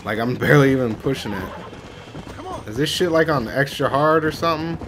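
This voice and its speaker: A man's voice: medium pitch, brisk, background noise. A man doing gameplay commentary, swearing and exclaiming at the game out of frustration. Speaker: gamer.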